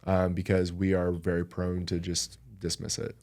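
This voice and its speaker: A man's voice: low voice, monotone, moderate pace, darkish tone. A man talking as a podcast guest in a casual conversation, earnest and reflective.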